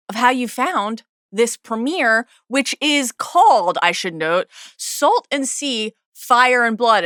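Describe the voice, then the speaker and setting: A woman's voice: a little high, a bit bright, no echo, clean studio sound. A woman co-hosting a podcast in casual, playful chat, laughing often. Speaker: podcast co-host.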